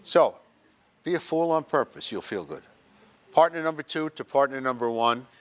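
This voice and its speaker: A man's voice: medium pitch, lively intonation, moderate pace. Guy running a funny feel-good workshop at a senior center, playful, acts out bits. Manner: joking, acts out little scenes and quotes. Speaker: workshop presenter. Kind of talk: humorous motivational talk to a group. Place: senior center activity room.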